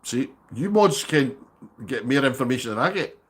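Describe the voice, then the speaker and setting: Male streamer, slightly raspy, animated delivery, casual banter with chat. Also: medium pitch, normal speed. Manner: chatty, banters with viewers by name. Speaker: live streamer host. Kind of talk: casual livestream chat reading viewer comments.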